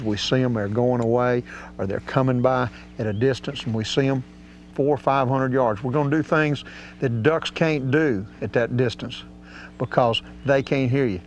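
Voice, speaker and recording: Folksy man teaching duck calls. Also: mid-range voice. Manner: folksy and drawling, with casual grammar. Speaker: duck calling instructor. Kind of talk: outdoor hunting instruction. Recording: slightly dull audio with faint hum.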